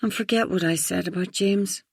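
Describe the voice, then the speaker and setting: A woman's voice: fairly low pitch, moderate pace, creaky, husky, no room sound, studio quality. A woman reading an audiobook, voicing a tipsy, blunt middle-aged friend who talks frankly with a slight slur. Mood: blunt confiding. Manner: slightly slurred, frank and rambling.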